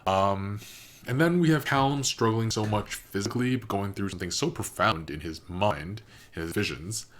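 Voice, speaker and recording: A man's voice: fairly low pitch, normal speed, fairly bright tone. A man hosting a reaction video, giving casual, thoughtful commentary and analysing what he has watched.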